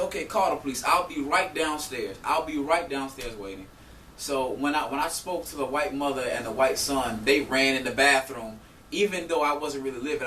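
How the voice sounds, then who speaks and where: Guy ranting about getting scammed, aave, playing both sides of the fight, roomy echo, mic kinda far, faint room hum. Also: mid-range voice. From South Florida. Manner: animated, profane, acts out both sides of an argument. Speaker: vlogger telling a story. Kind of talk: heated storytelling rant.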